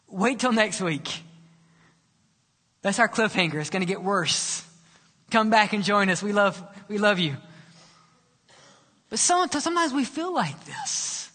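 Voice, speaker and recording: A male pastor preaching a sermon in a church, impassioned and sometimes dropping to a hushed whisper. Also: high-pitched, lively intonation, measured pace, pauses often. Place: church sanctuary. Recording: hall reverb.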